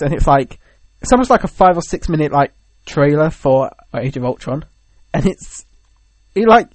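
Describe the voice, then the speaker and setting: A man's voice: a little high, no echo, poor audio. A man in casual chat, animatedly retelling events with many fillers.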